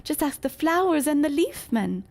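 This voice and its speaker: A woman's voice: high voice, very animated, moderate pace, creaky, a little mellow, voice pushed up, exaggerated voice. A woman voicing a carefree, sun-loving pixie in a video game, speaking in a breezy, lightly mocking way about mortals.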